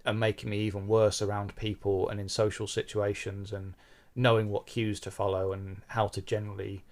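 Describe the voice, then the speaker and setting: Middle-aged man, low-ish register, frank and self-deprecating interviewee. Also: level tone, fairly quick, a little mellow. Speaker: podcast host being interviewed, bass player. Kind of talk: candid conversational interview.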